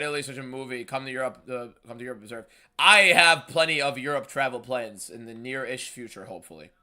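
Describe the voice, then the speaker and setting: Young male host of a live fight stream, slightly high voice, rapid-fire, pushes every line hard. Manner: emphatic and shouty, reading viewer messages aloud.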